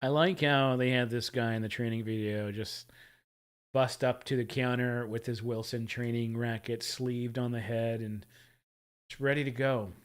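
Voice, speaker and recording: A man's voice: mid-range voice, fairly even intonation, normal speed, clean tone. Casual rambling man hosting a stream. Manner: rambling, chuckling, trips over his words. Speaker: livestream host. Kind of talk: casual reaction commentary.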